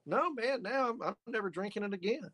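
A man's voice: sits high, lively intonation, fairly quick, fairly bright tone, slight background noise. A man hosting a podcast in casual chat, laughing along and repeating words, with many fillers. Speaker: podcast host.

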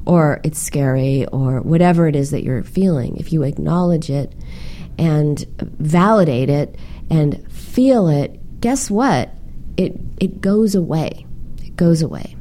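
Mellow woman radio host, talks through feelings with callers, lively storyteller. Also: low-pitched, slow. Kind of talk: call-in advice radio.

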